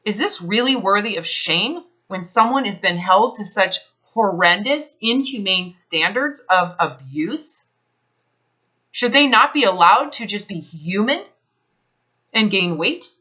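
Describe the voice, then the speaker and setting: A woman's voice: medium pitch, animated, unhurried, pushed and bright. A woman health advisor in a counseling session, talking bluntly and emphatically, swearing freely. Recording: dull lo-fi recording.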